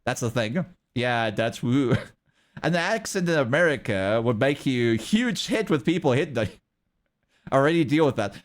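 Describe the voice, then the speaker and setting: A man's voice: mid-range voice, normal speed. A young man from South Africa with a South African accent, chatting casually and rambling with his livestream viewers. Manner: rambling, lively, laughs often.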